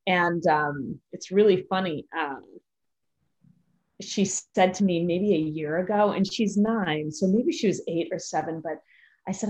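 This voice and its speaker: A woman's voice: lowish voice, a little slow, darkish tone. A woman hosting a casual podcast chat, candid and laughing through her stories. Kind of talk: casual conversation. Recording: dull lo-fi audio.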